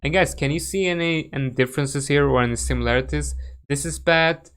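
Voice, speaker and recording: Speaking a little high and fairly quick, with a clean, slightly bright tone, a young man from Sweden runs a relaxed crypto chart-analysis livestream in his Swedish accent. He banters with chat, filling gaps with fillers and frequently starting his sentences over.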